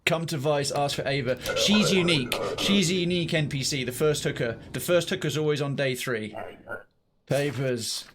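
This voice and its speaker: A man's voice: a little high, normal speed, background noise. A man streaming a video game, rambling casually through his commentary and swearing now and then. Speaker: gaming streamer.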